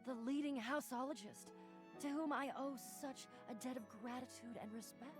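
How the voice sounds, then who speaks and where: A woman's voice: sits high, normal speed, natural voice. A woman voicing an earnest female adventurer in a studio game who speaks grandly and formally, stumbling over her words. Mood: reverent. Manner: grandly formal, flustered and stammering. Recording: game audio with music behind.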